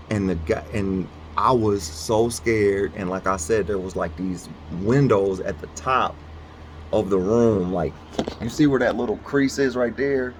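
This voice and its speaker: A man telling a story in a casual, rambling way with halting restarts, then reading a devotional aloud indoors. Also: on the low side, slight background noise. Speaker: vlogger.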